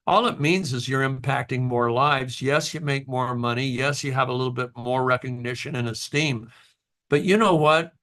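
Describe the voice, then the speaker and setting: A man's voice: medium pitch, moderate pace, a bit bright. A man speaks to his distributors as their company's founder in a loose, heartfelt talk. He rambles with fillers and restarts mid-sentence, earnest throughout and emotional at times. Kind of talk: casual motivational talk.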